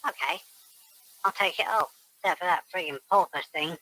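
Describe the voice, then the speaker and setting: A man's voice: high-pitched, fairly quick, pushed and bright, dry recording. An actor playing a blunt young male customer in a shop scene, speaking offhand, heard as a clip played back from a distance.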